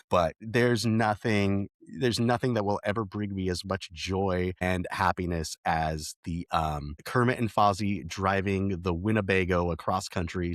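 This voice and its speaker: A middle-aged man co-hosts a relaxed podcast, earnest and excited as he tells stories with plenty of restarts. His voice sits low, and the room around him is dry and close. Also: no room sound. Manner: enthusiastic, earnest storytelling with restarts. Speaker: podcast co-host. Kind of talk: casual podcast chat.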